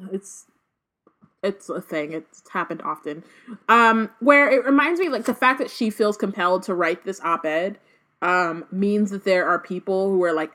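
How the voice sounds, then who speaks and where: A woman's voice: fairly low pitch, fairly bright tone. A woman co-hosting a casual book podcast, summarizing and discussing chapters in a chatty way with many fillers. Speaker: podcast co-host.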